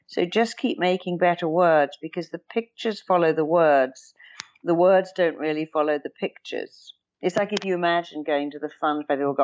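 A woman's voice: on the low side, normal speed, darkish tone. A woman therapist explaining ideas emphatically in an interview and acting out example phrases in shifting tones. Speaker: therapist guest. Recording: dull lo-fi recording.

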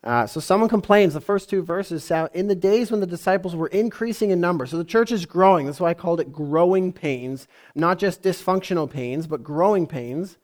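A man's voice: sits high, fairly quick, few pauses. A man preaching a sermon in a conversational way, often asking his congregation questions. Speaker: pastor.

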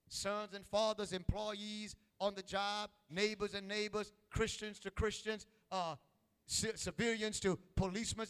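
A man's voice: high voice, fairly bright tone, in a large hall. A man preaching a sermon, calling out to his congregation with rising and falling intensity. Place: church.

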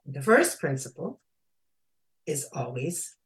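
A speaker explaining Kwanzaa in an informal lesson, reading bits from a children's book, thoughtful, with pauses and fillers, slowly spelling out Swahili words. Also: medium pitch, big pitch swings, slightly rough.

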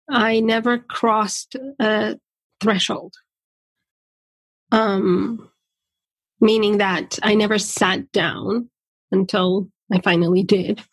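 A woman giving a gentle, searching personal monologue, pausing often with fillers as she talks through hard feelings. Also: a little high, vocal fry, slightly rough, no room sound. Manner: slow, gentle and searching, with many pauses and fillers.

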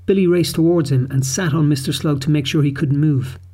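A man narrating a children's audiobook in a steady, clear storytelling manner. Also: fairly high pitch, a little fast.

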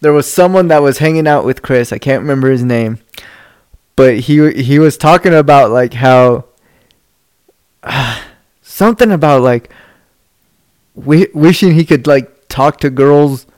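A man's voice: fairly high pitch, unhurried, pauses often, a little mellow, smooth. A man chatting casually with a friend, laid-back, swearing a lot and laughing often. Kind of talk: casual chat.

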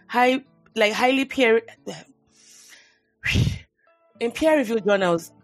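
A woman's voice: on the high side, takes it slowly, no room sound, faint music behind. A woman hosting a podcast, chatting casually and telling stories. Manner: chatty, conversational storytelling. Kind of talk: casual chat.

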